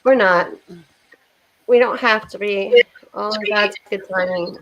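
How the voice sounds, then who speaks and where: A woman's voice: mid-range voice, a little slow, a bit bright, no room sound, lo-fi sound. A woman hosting a casual livestream chat, emotional and prayerful, blessing her viewers, with a cough. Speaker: livestream host.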